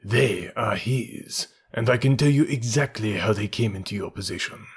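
A man voicing a stern old French detective who speaks with authority. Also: fairly low pitch. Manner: authoritative, slow and gravelly.

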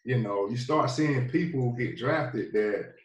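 A man's voice: medium pitch, slow. A man from North Carolina, a pro football player, telling his story as a guest in a laid-back, rambling way full of fillers. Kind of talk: casual storytelling. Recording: roomy, distant from the mic.

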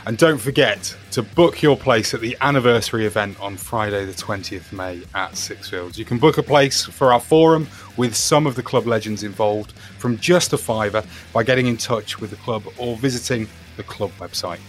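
A man's voice: lowish voice, normal speed, few pauses, faint music behind. A man hosting a podcast, thanking his guest and reading the show's closing announcements. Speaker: podcast host. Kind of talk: interview and scripted podcast outro.

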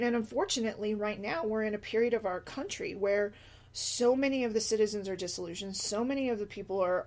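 A middle-aged woman, a single mother, talking casually in a rambling monologue, often slipping into quoted voices. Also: mid-range voice. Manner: chatty, animated asides and quoted voices. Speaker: blogger, single mom.

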